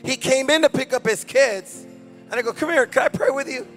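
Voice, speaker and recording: High, bright-voiced fervent preacher man. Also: brisk, soft background music. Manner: fervent, shouting commands. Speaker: pastor. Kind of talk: deliverance sermon. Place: church service.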